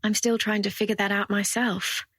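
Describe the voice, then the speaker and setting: A woman voicing a calm young male cop. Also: medium pitch, moderate pace, husky, no room sound, studio quality. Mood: earnest. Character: young male police officer, calm and teasing.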